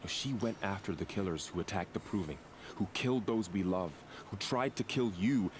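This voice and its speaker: A man's voice: sits low, normal speed, lightly acted. An actor playing an earnest young male tribal warrior in a video game, speaking solemnly. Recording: game audio with ambient noise.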